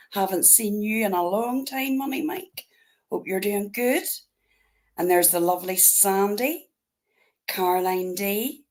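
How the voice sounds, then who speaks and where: A woman with a Northern Irish accent hosts a casual livestream, greeting her viewers one by one in an easy, chatty way. She takes her time, talking at an unhurried pace. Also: medium pitch, a little mellow. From Northern Ireland. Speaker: livestream host.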